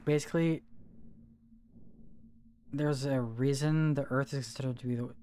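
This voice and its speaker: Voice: medium pitch, steady tone, normal speed, dark tone, a little hiss or hum. A live streamer chatting casually with viewers while gaming, groaning and pleading in a loose, slangy way with many repeats. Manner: squeamish, pleading and groaning at chat. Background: music.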